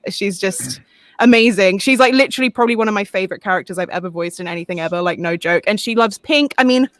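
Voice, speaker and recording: A woman's voice: medium pitch, fast talker, dry recording. A woman voice actress, chatting gushingly and enthusiastically on a panel over a video call. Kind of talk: casual panel chat.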